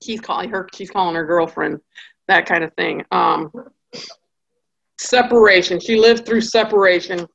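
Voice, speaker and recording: A woman teaching a Bible study class in a lively storytelling style, acting out the people in her stories. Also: on the low side, moderate pace, vocal fry, highs cut off. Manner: acts out characters' voices in quotes.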